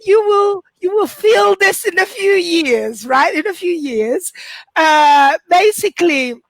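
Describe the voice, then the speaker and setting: A high-voiced woman with an Italian accent does stand-up comedy from home over a video call. She talks slowly, often breaks into laughter partway through a sentence, and mocks herself. The sound is dry and close. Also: dry recording. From Italy. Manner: chatty, self-mocking, often laughing mid-sentence.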